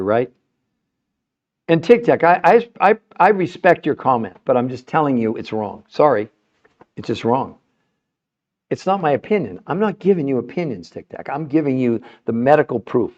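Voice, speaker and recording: A man's voice: mid-range voice, very animated, normal speed, a little mellow, lo-fi sound. A middle-aged man hosting a health show, talking passionately to viewers in a livestream and repeating himself as he argues a point. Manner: passionate, emphatic, argumentative; repeats words and restarts when fired up. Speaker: health show host answering viewer comments. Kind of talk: livestream talk.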